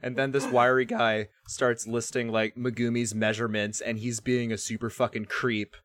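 A man with a mid-range voice talking in relaxed podcast chat, swearing freely and slipping into acted-out quotes. The recording is dry and close. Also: mid-range voice, moderate pace, no room sound. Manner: casual and profane, acts out quotes. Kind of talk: casual chat.

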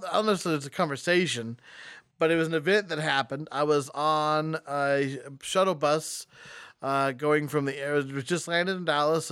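A man's voice: mid-range voice, fairly bright tone, clean tone. A young adult man answering personal questions in a casual, rambling way, often restarting sentences and laughing as he talks. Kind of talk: casual storytelling.

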